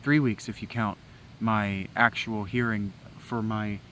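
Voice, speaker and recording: A man's voice: lowish voice, steady tone, unhurried, bright, forceful tone, a little hiss or hum, low-quality recording. A man outdoors in the woods, giving a rambling spoken meditation in an agitated, preachy way and swearing often. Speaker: vlogger.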